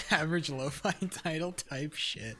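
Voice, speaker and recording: Excitable, swearing young male streamer. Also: fairly high pitch. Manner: profane, excitable, talks to chat between bursts of laughter. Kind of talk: casual live-stream gaming chat.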